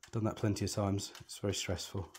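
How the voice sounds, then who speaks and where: His voice sits on the low side with a darkish tone, and he talks fast in a flat delivery over slight background noise. The man walks through setting up a telescope step by step while doing it, chatty, reassuring and often musing aloud.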